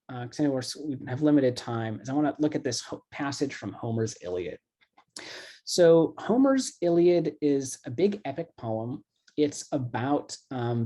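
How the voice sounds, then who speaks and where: A man's voice: medium pitch, warm tone. A middle-aged man, a classics professor, explaining grammar casually in an online lecture, loose and chatty with lots of "um" and "kind of".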